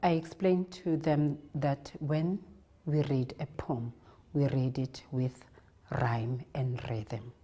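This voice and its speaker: A South African woman, a primary school teacher, calmly explaining how she teaches her lessons. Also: extremely low pitch, slow, breathy edge. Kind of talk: reflective interview narration.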